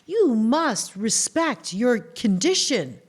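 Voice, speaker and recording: A woman from Canada, talking in a casual interview as an author and guest, telling animated stories and acting out the voices of the people in them. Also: on the high side, takes it slowly. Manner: animated storyteller who acts out quoted voices.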